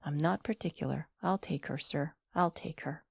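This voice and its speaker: A woman's voice: sits low, normal speed, vocal fry, slightly rough, no room sound, studio quality, exaggerated voice. A woman voicing a mournful but stubborn young suitor in an audiobook. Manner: mournful then fierce. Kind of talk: audiobook character voice.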